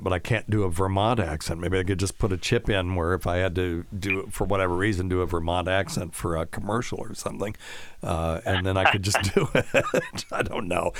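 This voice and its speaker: A man's voice: deep voice, no echo. A man hosting a podcast interview, chatting in a laid-back, jokey way and swearing casually. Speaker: podcast host.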